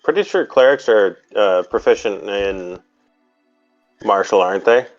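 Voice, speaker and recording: A man playing a tabletop game, asking quick questions in casual chat. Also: on the low side, expressive, dull audio, soft background music. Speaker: player.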